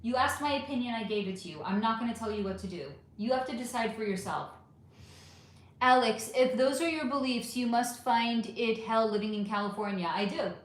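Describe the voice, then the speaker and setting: Woman, middle-aged, livestream host, fairly high voice, animated and ranting, very echoey room. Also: fairly quick. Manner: animated, ranting, swearing, reads viewer comments aloud. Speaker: livestream host reading chat. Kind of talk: casual livestream chat. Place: home room.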